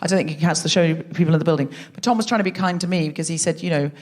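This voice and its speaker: A woman's voice: sits low, very fast, hardly any pauses, darkish tone. A woman hosting a live comedy podcast on a theatre stage, chatty and self-mocking, teasing the audience. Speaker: podcast host.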